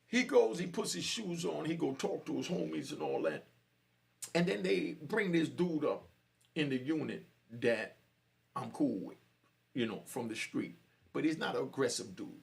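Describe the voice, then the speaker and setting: A man's voice: medium pitch, creaky. A man telling his own jail story in casual street slang, often saying "you know".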